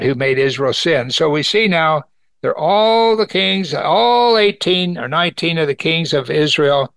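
A man's voice: gravelly, a bit bright, dry recording. A man teaching an evening Bible study, earnestly reading scripture aloud and lifting his voice to stress key points. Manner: earnest, rises in pitch for emphasis, reads scripture aloud.

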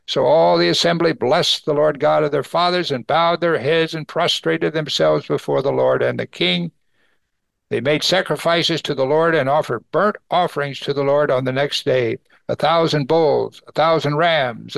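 A man's voice: a little high, vocal fry, no room sound. A man teaching verse by verse through a Bible passage, reading it aloud and adding exclaiming comments of his own. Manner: reads scripture then adds warm, exclaiming comments. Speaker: pastor.

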